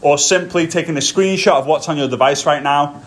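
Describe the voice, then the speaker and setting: A man coaching his listeners on his own podcast, pressing each point home with emphasis. He is a bit out of breath, and his voice sits a touch high for a man. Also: a little fast. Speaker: podcast host. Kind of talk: motivational podcast talk.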